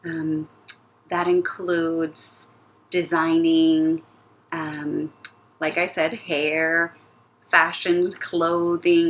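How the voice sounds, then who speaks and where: A woman teaching an elementary music class, guiding young children through a playful warm-up with sing-song sound effects. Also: fairly low pitch. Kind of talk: recorded lesson for young children.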